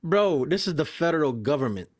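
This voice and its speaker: A young man telling a profane, animated story about his work as a mail carrier, acting out the other people's lines in quick voices. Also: a little high, over a noisy crowd. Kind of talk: casual storytelling on a podcast.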